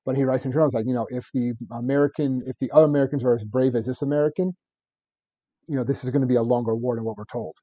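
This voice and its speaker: A man's voice: mid-range voice, fairly even intonation, very fast, no echo, dull audio. A man in his thirties co-hosting a casual history podcast, rambling and laughing as he talks. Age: 30s. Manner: rambling, laughs often, stacks fillers. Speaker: podcast co-host.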